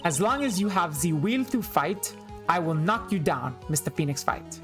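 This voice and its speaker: A woman's voice: fairly low pitch, animated, moderate pace, a bit bright, soft background music. A woman voicing a stern, ruthless young female prosecutor in a put-on German accent, haughty and clipped. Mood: cold, taunting.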